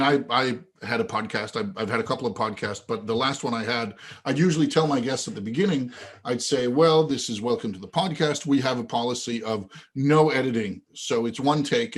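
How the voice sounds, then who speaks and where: A man guest on a podcast interview, telling an anecdote with lively acted-out dialogue. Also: mid-range voice. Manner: animated storyteller who acts out quoted dialogue. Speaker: guest, event organizer.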